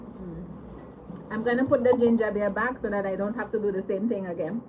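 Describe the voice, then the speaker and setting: A woman's voice: mid-range voice, brisk, lo-fi sound, noisy background. A woman hosting a casual livestream from her home, giggly and apologetic, thanking her viewers again and again. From Caribbean. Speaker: livestream host. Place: home living room.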